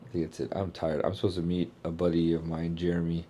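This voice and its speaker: A man, a keynote speaker, chatting casually in a travel vlog and thinking out loud in a rambling way. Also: low-pitched, completely flat delivery, quick pace, breathy edge.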